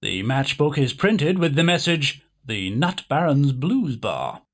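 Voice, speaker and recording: A man's voice: mid-range voice, very animated, a little slow. A man voicing the sardonic narrator of a comedy adventure game. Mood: dry. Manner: dry and sardonic.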